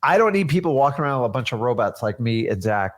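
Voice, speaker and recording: A man's voice: mid-range voice, big pitch swings, quick pace. A man co-hosting a casual chat, talking in an emphatic, coach-like way straight to the viewers. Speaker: co-host.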